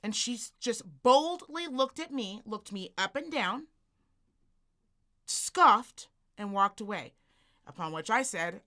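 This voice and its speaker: A woman co-hosting a podcast, telling a story as a profane, animated rant and acting out the people in it. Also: a little high, slow pace. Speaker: podcast co-host.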